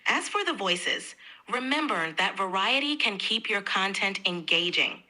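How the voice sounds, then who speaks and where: A woman's voice: medium pitch, very animated, measured pace, over a noisy crowd, poor audio. A synthetic woman's voice of an AI assistant, polite and upbeat, eager to help.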